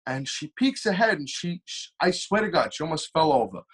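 A young man spins a story as a podcast guest. His voice sits a bit high for a man. He keeps his telling lively, speeding up and slowing down as he goes. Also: husky. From Long Island, New York. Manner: animated storyteller with shifting pitch and pace. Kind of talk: casual storytelling interview.

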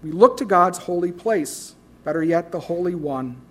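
A pastor delivers a sermon in a voice pitched high for a man, with lively intonation and a normal pace. He alternates between loud, emphatic declarations and hushed asides, hitting key phrases hard.

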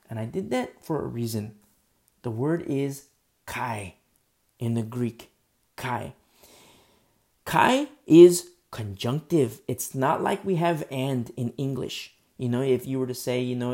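A man preaching a sermon as pastor. He talks casually with fillers and restarts, then gets emphatic and slows down to stress key words. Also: medium pitch, creaky, a little mellow.

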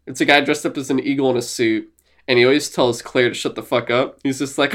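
A young man co-hosting a podcast in casual chat, excited and swearing often, laughing and putting on silly voices. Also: mid-range voice, brisk. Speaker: podcast co-host.

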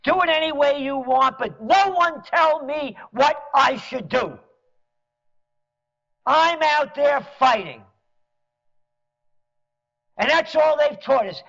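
Man, impassioned rant, sarcastic, gravelly voice, dull lo-fi sound. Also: extremely high pitch, animated, slow, pauses often, a bit bright. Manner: fiery, sarcastic, mocks officials in mimicking voices. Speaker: commentator. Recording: dull lo-fi recording.

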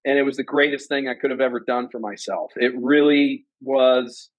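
Man in his 50s, interview guest, earnest and animated, mid-pitched, dry close sound. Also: moderate pace, dry recording, dull audio. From Ohio, USA. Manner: earnest, animated storyteller who acts out quotes in a higher voice. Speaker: guest, former company president. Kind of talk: personal storytelling in an interview.

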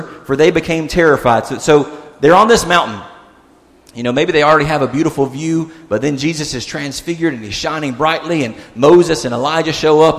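A man preaching a sermon as pastor, animated and expressive, acting out the disciples' words and dropping to a soft tone for emphasis. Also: on the high side. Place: church sanctuary. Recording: long church-hall reverb.

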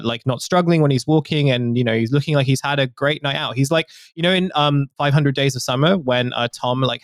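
A man talks through a film's plot in a loose, rambling podcast chat, filling his sentences with "like" and "um". His voice sits at a middle pitch. The sound is dry and close, with no room around it. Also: smooth, dry recording. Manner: rambling, full of fillers and "like". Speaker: podcast co-host. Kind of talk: casual chat, recapping a film.

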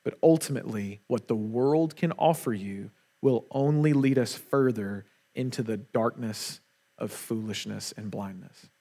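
Earnest male pastor preaching slowly. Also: medium pitch, mellow. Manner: earnest, emphatic preaching with repeated phrases. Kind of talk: sermon.

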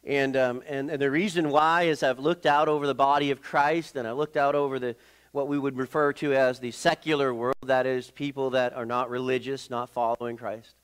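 A middle-aged male pastor preaching in a conversational, halting way, with many fillers and restarts. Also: medium pitch, fairly even intonation, smooth. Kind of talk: sermon.

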